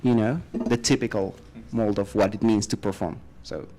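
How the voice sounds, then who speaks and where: A man's voice: lowish voice, fairly even intonation, moderate pace, noisy background. Rambling man, full of "like". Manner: loose and rambling, fills with "like". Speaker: panelist artist. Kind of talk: casual panel talk.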